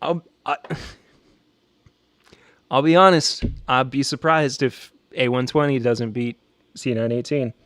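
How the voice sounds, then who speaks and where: A man's voice: mid-range voice, steady tone, unhurried, a bit bright, dry recording. Joking Southern man hosting a podcast. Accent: Southern American. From Southern United States. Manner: joking, rambling, reacting to chat. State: a little stressed. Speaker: podcast host. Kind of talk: casual live-stream chat.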